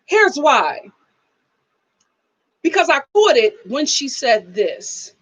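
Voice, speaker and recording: A woman's voice: high-pitched, big pitch swings, a little slow, a bit bright, low-quality recording. A woman hosting a live reality-TV review in a casual chat style, sassy and emphatic, scolding the people she discusses. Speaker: show host.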